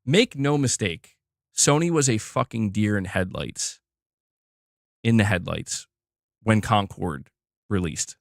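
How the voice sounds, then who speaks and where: A man's voice: lowish voice, slow pace, creaky, pauses often, dry recording, studio quality. A man giving blunt, opinionated commentary on gaming news, emphatic and repeating himself as he pushes his point.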